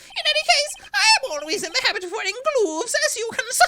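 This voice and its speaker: Someone voicing a pompous gentleman detective, reading his game dialogue aloud in character with haughty, drawn-out mockery. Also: extremely high pitch, big pitch swings, background noise, heavily acted. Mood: smug. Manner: haughty, drawn-out mocking delivery.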